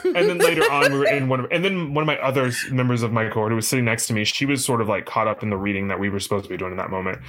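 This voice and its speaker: A man's voice: mid-range voice, very fast, few pauses. A man in his late thirties, a podcast co-host, telling a story in casual chat and acting out the voices of the people he quotes. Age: late 30s. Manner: animated storyteller, acts out quotes, many restarts. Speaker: podcast co-host, PhD student.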